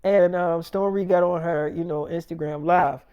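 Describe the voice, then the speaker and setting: A man's voice: fairly high pitch, fairly even intonation, normal speed, clear, resonant tone, no room sound, highs cut off. A man telling an improvised story as a rant, cursing constantly and repeating his threats. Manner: profane, repetitive, threatening.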